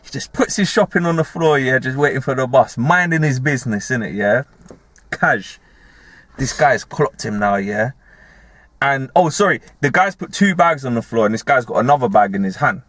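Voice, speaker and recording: A young man with a London accent telling a story in casual, slangy chat, animated and laughing often. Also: mid-range voice, normal speed, no room sound. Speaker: podcast host.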